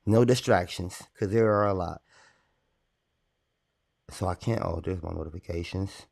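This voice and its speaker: Young male streamer, lowish voice, loose rambling commentary with an irritated edge. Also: a little slow, vocal fry, a little mellow. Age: young adult. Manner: rambling, irritated, talks to chat. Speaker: livestreamer. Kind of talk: casual livestream commentary.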